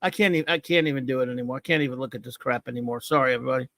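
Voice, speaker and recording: A man's voice: medium pitch, rapid-fire, fairly bright tone, no echo, studio quality. A middle-aged American man hosting a comics talk show, ranting about a comic with mocking scorn. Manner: scornful, mocking, repetitive rants.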